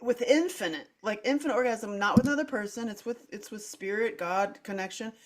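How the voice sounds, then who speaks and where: Speaking a little fast in a mid-range voice, a middle-aged podcast host animatedly shares a personal story during a candid chat. She says "like" constantly, restarts often, performs her own quoted lines, and keeps laughing as she talks.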